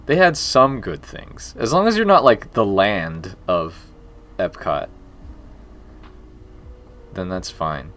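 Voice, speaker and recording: A man's voice: low voice, animated, takes it slowly, long pauses, a bit bright, faint music behind. A man in his forties chatting casually on a live stream while he works on a game, rambling with jokey asides and muttering to himself as he goes.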